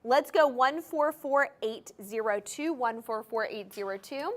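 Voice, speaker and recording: A woman's voice: fairly high pitch, unhurried, hardly any pauses. A woman hosting a live TV shopping show, gushing over jewelry and speaking straight to viewers, repeating key points for emphasis. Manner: gushing, enthusiastic, addresses viewers directly; repeats item numbers and key phrases for emphasis. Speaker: shopping channel host. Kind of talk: live TV jewelry sales pitch. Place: TV studio.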